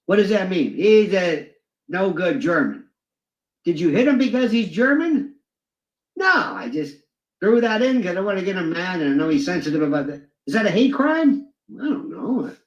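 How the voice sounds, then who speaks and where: A man talking animatedly about free speech and the law, acting out quotes and courtroom exchanges. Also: high-pitched. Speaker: commentator in a played clip. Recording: roomy, dull lo-fi sound.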